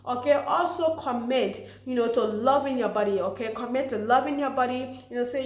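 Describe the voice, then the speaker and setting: Woman, fairly high voice, earnest, warm, encouraging advice talk, says "you know" a lot, echoey room. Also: normal speed, hardly any pauses. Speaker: motivational speaker for mothers.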